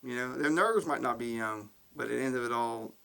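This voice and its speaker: A man's voice: medium pitch, fairly quick, gravelly, sharp tone. A man co-hosting a casual podcast, telling rambling stories and laughing at them as he goes. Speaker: podcast co-host. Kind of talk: casual storytelling chat.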